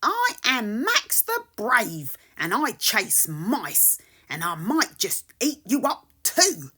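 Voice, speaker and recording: A woman's voice: fairly high pitch, huge pitch swings, takes it slowly, sharp tone, husky, voice pushed up, full character voice. A woman voicing a brave, curious male kitten who asks questions politely in a storybook read-aloud. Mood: bold playful.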